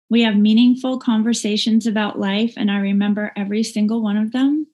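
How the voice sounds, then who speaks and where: A middle-aged woman gives a heartfelt personal testimony about her recovery, speaking candidly and haltingly, with fillers and restarts. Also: fairly high pitch, a little mellow. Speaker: recovering drinker sharing her story. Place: lives in Northern California.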